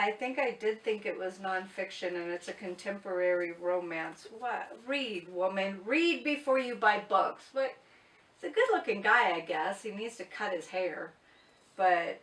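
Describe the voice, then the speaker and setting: This woman's voice is medium in pitch, fairly bright, and paced in a measured way. A chatty booktuber, she talks casually in her vlog, blunt and self-mocking. The room is echoey and the mic is some distance away.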